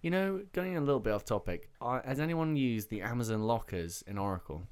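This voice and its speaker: A man's voice: mid-range voice, fairly quick, smooth. A man, a podcast host in casual chat, telling stories and acting out the voices he quotes. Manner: animated storyteller, acts out quoted voices.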